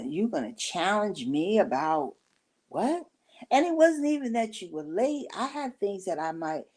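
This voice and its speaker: Older woman vlogger, deep, dark voice, unhurried storyteller with chatty asides. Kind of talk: personal storytelling.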